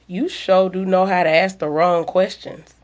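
A woman's voice: fairly low pitch, fairly even intonation, darkish tone, lightly acted. A woman voicing a cocky, folksy man who drawls and teases in an audiobook story. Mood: teasing. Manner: folksy, teasing, unhurried. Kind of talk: audiobook dialogue.

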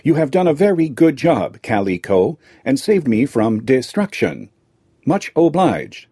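A man's voice: mid-range voice, sing-song, measured pace, warm tone, husky, dry recording, studio quality, voice pushed up. A man voicing a fearless clockwork metal man with a jerky, mechanical way of speaking, in a storybook reading. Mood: polite.

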